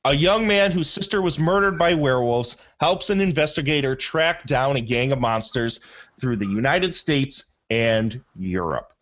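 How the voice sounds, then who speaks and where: A man's voice: medium pitch, animated, normal speed, fairly bright tone, lo-fi sound. A man hosting a movie podcast in casual chat, rambling enthusiastically and often correcting himself mid-sentence. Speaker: podcast host.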